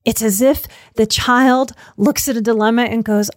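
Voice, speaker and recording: A woman hosting a self-help podcast, calmly and encouragingly talking through quotes and repeating phrases in lists. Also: a little high, normal speed, no room sound, clean studio sound. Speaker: podcast host and mental health speaker.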